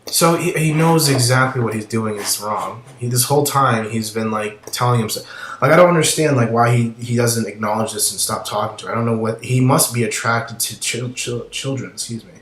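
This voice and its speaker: A man's voice: medium pitch, brisk, fairly bright tone, echoey room, a little hiss or hum, low-quality recording. A man giving casual commentary as he reads through chat logs, blunt and swearing, often trailing off mid-thought.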